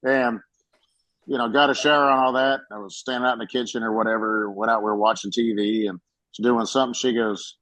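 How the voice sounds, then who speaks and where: A man in casual chat as a podcast co-host, telling animated stories and acting out quotes with frequent swearing. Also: mid-range voice, fairly quick, no echo, low-quality recording. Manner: animated storyteller, swears freely, acts out quotes.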